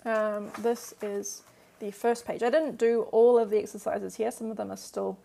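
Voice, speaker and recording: A woman's voice: medium pitch, little pitch movement, moderate pace, vocal fry, warm tone. A woman teaching a live-streamed language lesson, patiently explaining grammar and answering viewer questions with lots of "um" and "like".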